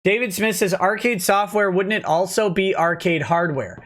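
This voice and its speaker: A man's voice: high voice, normal speed, fairly bright tone. A man in his thirties hosting a casual livestream, reading chat comments aloud and reacting to them between going over a legal document.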